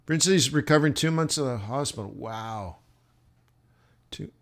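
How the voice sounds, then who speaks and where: A man's voice: mid-range voice, moderate pace. A man chatting casually while running a live trading stream, rambling with many fillers and restarts. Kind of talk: casual livestream chat. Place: southern United States.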